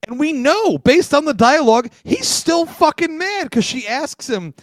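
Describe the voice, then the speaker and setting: A man's voice: very high-pitched, sing-song, unhurried, no room sound. A man on a film review podcast, talking casually and animatedly, swearing freely.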